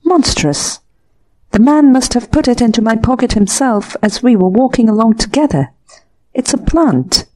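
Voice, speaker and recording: A woman voicing a confident, forceful middle-aged male detective in a storybook reading, smooth and persuasive. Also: medium pitch, expressive, a little slow, lightly acted. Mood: indignant.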